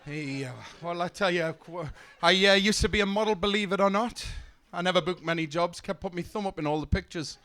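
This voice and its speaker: A young man doing a stand-up set, telling deadpan one-liners with stumbling restarts, on a comedy club stage. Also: high voice, brisk, few pauses. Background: audience laughter.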